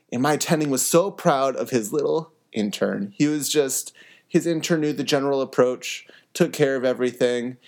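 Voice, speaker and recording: An earnest young man hosts a medical teaching podcast. He speaks at a middling pitch and tells stories, slipping into the voices of the people he quotes. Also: a little mellow. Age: young adult. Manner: earnest storytelling, acts out quoted dialogue. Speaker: podcast host, emergency medicine resident. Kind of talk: educational podcast with a personal story.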